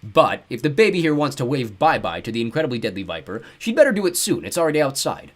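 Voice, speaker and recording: A man voicing a loud, brash, chubby man who talks bluntly and dismissively. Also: medium pitch, very animated, quick pace, voice pushed up. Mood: booming brash. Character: booming brash chubby man, careless and smug.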